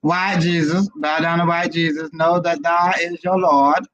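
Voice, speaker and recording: A man's voice: a little high, steady tone, a little slow, over a noisy crowd, lightly acted. A man putting on a mocking preacher who demands obedience to a white savior, repeating lines in a sarcastic chant. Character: mocking preacher of slave-era obedience, male. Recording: dull lo-fi livestream audio.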